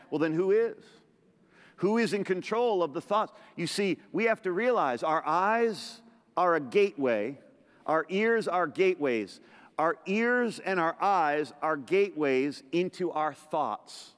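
A man's voice: fairly high pitch, lively intonation. Emphatic preacher man in an echoey sanctuary. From Middle Eastern background. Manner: emphatic preaching with repeated phrases and quick asides. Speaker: pastor. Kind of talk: sermon. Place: large church sanctuary. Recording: echoey church hall reverb.

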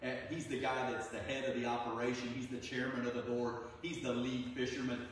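A man's voice: medium pitch, level tone, brisk. A man preaching in a loose, conversational manner, slipping into short voices for the people in his stories. His voice rings with a long, echoing reverb, picked up from some distance across a large church with a faint room hum behind him. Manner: conversational storytelling, acting out voices of the people in the story. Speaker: pastor. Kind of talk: sermon. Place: church sanctuary. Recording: echoey room from far off, faint ambience.

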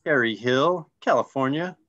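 Relaxed man on a dull lo-fi call. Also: mid-range voice, moderate pace. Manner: relaxed, friendly, joking. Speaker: co-host. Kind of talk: casual call recognition.

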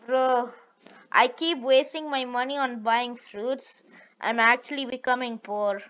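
A woman's voice: fairly high pitch, steady tone, unhurried, a bit bright, highs cut off. A young woman chatting casually while playing an online game, trading playful trash talk with a friend and laughing often. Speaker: gaming video creator. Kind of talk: casual gameplay commentary.

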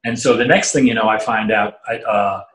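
A man's voice: on the low side, a little fast. Storytelling middle-aged man, roomy sound. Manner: animated storyteller acting out quoted voices, many fillers and restarts. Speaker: interview guest, musician. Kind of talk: storytelling anecdote in casual chat. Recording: roomy echo.

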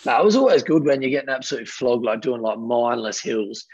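A man's voice: medium pitch, fast, slightly rough, dull audio. An Australian man in his thirties, a rugby player, telling stories casually with lots of fillers and acted-out quotes. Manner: rambling, animated, lots of fillers, acts out quotes. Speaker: guest, professional rugby player. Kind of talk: casual storytelling.

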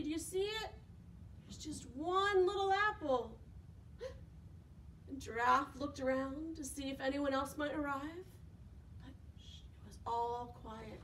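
Young woman, children's storytime reader, high voice, slow sing-song delivery, gasps and questions to kids. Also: a bit bright, distant mic, slight background noise. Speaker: children's librarian. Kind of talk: preschool storytime reading and songs.

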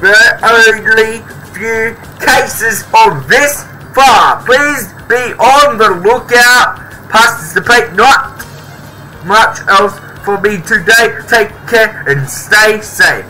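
A man voicing a calm female TV news reporter as a joke, with deadpan delivery and mumbled filler. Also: high voice, slow pace, soft background music, heavily acted, poor audio. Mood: mock-serious. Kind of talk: playful news-anchor parody.

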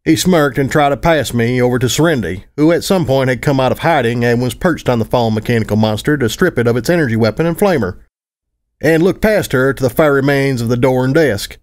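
A man narrates a first-person fan fiction audiobook. His delivery is dry and wry, at a medium pitch for a man. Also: a little fast.

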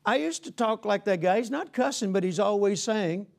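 A man's voice: high voice, expressive, moderate pace, gravelly. A man preaching a sermon in a folksy, conversational way, often saying "you know" and calling out "Amen?" to the congregation.

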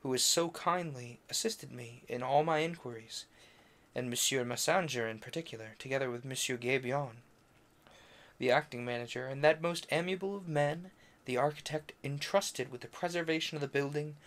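A man's voice: medium pitch, a bit bright. Man, casual read-aloud, stumbles over names, self-corrects, mid-range voice. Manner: adds brief offhand asides between passages. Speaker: streamer reading a novel aloud.

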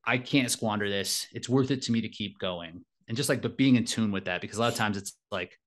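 A man with a fairly low, slightly bright voice talks fast with hardly any pauses. He's being interviewed casually as an elite fitness racer and coach, sounding reflective and often throwing in "like" and "right?"

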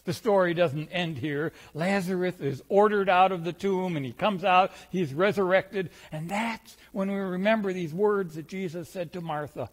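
A pastor giving a reflective sermon, slowing down on key phrases and retelling a story. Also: male voice, sits high. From Wisconsin.

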